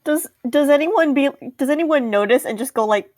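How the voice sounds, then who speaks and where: Woman d&d player, normal voice, thinking out loud, super dry mic. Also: sits high, lively intonation, moderate pace, no room sound. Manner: chatty, thinks aloud about her character. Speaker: tabletop game player. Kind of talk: casual tabletop play chat.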